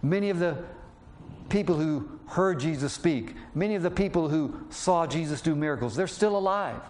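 A man preaching a sermon, slowing down to read scripture aloud and raising his voice to act out the quoted lines. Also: fairly high pitch, a little mellow. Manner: acts out quotes with raised voice; slows down when reading scripture.

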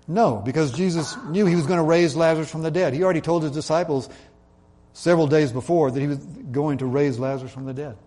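A man preaching a sermon in an earnest way, slowing down and dropping his voice to stress key points. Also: fairly high pitch, warm tone. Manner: earnest, slows and drops his voice for emphasis. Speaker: pastor.

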